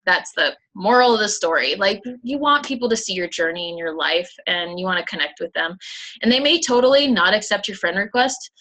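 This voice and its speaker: Bright, chatty young mom. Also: female voice, medium pitch, expressive, a little fast, poor audio. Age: young adult. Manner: upbeat, chatty, tells stories about her kids. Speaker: co-host of a sales team call. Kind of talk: casual motivational chat.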